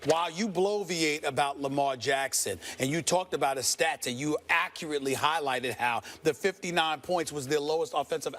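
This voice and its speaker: A man's voice: on the high side, fairly bright tone. Emphatic New York man debating hotly. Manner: emphatic, repeats himself, preacherly. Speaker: sports debate host. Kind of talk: heated studio debate.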